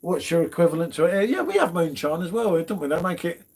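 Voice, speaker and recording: A man's voice: on the high side, big pitch swings, fast talker. A middle-aged man, hosting a casual beer livestream and chatting in a matey, banter-filled way. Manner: chatty, matey banter, drops "mate" often. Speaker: beer channel host.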